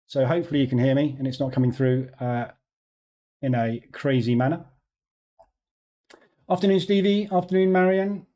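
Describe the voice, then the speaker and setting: A man's voice: medium pitch, moderate pace, long pauses, dark tone. A man hosting a live trading stream, chatting casually with viewers, greeting them by name and laughing easily, on a studio microphone.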